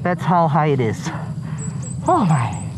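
Speaking slowly with huge pitch swings, this man's voice sits on the high side, with background noise around it. He vlogs casually while hiking a forest trail, breathless, trading jokes and complaints as he climbs.

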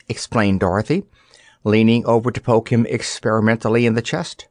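A man narrating a storybook in an expressive reading. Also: fairly low pitch, brisk, dry recording. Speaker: audiobook narrator. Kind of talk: scripted narration.

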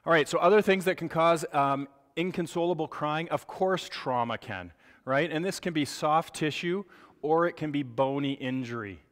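A man in his forties giving a board review lecture, joking and animated, often asking rhetorical questions. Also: a little high, moderate pace. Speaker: medical lecturer. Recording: long hall reverb.

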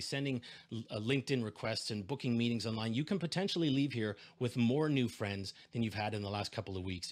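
Animated man telling a keynote story. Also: lowish voice. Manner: animated storyteller, acts out quoted voices. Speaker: keynote speaker. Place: home setup, video call. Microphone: desk microphone.

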